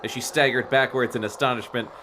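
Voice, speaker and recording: A man's voice: mid-range voice, quick pace, very noisy. A man co-hosting a comedy podcast, reading a book aloud with jokes and goofy sound effects. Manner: animated, joking, wide swings in voice. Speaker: podcast co-host and reader.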